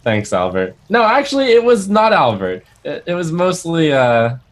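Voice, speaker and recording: A man's voice: a little high, sing-song, moderate pace. A man playing a tabletop role-playing game, recapping the last session with a joking, mock-indignant manner. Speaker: player.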